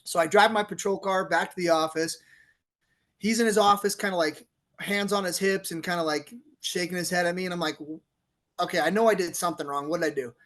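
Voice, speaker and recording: A middle-aged man, a police officer turned author, telling a story on a podcast in a lively, laughing way and acting out the quotes. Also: high voice, brisk. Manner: animated storyteller, laughs often, acts out quotes. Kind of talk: casual storytelling interview.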